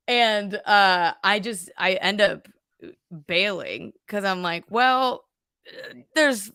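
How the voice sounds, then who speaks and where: A woman's voice: mid-range voice, slow, long pauses, pushed and bright, clear, resonant tone, no echo, clean studio sound. A woman comedian from California, a guest on a podcast, telling stories bluntly with laughter and acted-out quotes. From Sacramento, California. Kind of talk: casual chat.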